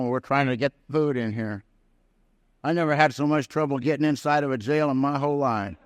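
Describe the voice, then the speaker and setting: A man's voice: medium pitch, fairly bright tone, dry recording, clean studio sound. A man speaking at a recovery convention, telling his own story in a folksy, plain-spoken way with down-home grammar. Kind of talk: personal recovery story told to a live audience. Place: prison hall.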